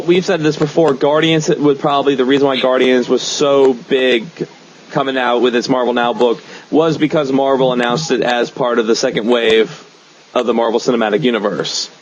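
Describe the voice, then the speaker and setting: A man's voice: mid-range voice, a little hiss or hum. Rambling man on a lo-fi podcast. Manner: rambling, enthusiastic, many fillers. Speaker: podcast host. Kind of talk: casual comic-book chat. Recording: dull lo-fi podcast recording.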